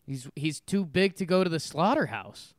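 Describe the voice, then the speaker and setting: A man's voice: a little high, very animated, normal speed, no room sound, clean studio sound. A man co-hosting a podcast, chatting casually with wry, short replies. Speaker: podcast co-host. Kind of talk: casual comedic chat.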